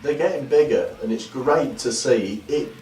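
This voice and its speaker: A man's voice: medium pitch, normal speed, darkish tone. A man chatting casually about music in a home vlog, dry and sarcastic. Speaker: vlog co-host reviewing albums. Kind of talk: casual chat. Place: home room with a fireplace. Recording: roomy sound from a distant mic with faint background noise.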